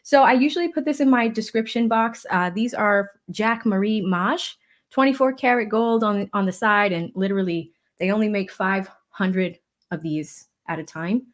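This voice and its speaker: A woman's voice: mid-range voice, moderate pace. A woman from the Boston area hosting a casual livestream, chatty and effusive as she reads out viewer donations. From Boston area, USA. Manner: chatty and effusive, with many thank-yous and shout-outs. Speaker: livestream host of a legal commentary channel.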